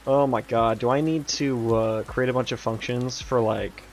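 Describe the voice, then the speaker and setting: A man's voice: medium pitch, fairly even intonation, moderate pace. A young man chatting casually while he works on his game, rambling, swearing and laughing now and then. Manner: rambling, laid-back, swears and laughs often. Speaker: game developer streaming his work. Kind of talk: casual chat while coding.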